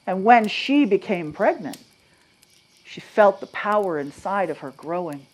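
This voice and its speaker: A woman from Maine telling ghost stories live to an audience, dropping to a hush and then rising loud and animated, asking the crowd questions. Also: mid-range voice, a little slow. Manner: dramatic, swings from hushed to loud and animated. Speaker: storyteller.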